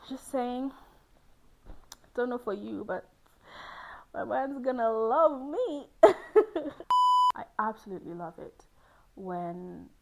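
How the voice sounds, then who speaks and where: A woman's voice: on the high side, animated, takes it slowly, gravelly, long pauses, slight background noise, rough recording. A young woman hosting, speaking candidly and playfully about love and relationships, laughing often. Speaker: host on a hot seat. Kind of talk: candid personal talk on love.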